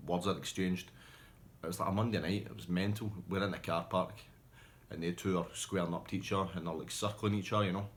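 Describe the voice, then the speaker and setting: A man's voice: low voice, a little hiss or hum. A man telling rambling pub stories casually, often laughing and restarting. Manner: rambling, laughing, self-interrupting. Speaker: storyteller.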